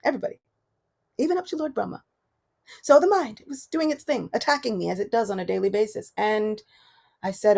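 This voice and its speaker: A woman giving a devotional morning class, telling personal stories with animated swings between soft and loud. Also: medium pitch, brisk, gravelly, pauses often. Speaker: class speaker.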